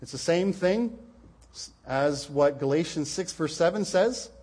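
Male preacher delivering a sermon, slightly higher voice, earnest, repeats words for emphasis. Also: animated, a little slow, a little mellow, slightly rough. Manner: earnest, repeats words when stressing points.

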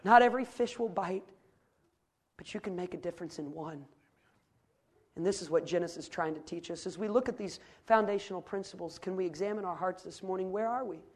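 Middle-aged male preacher, storytelling sermon voice that swells to fervent shouting. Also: high-pitched, a little fast.

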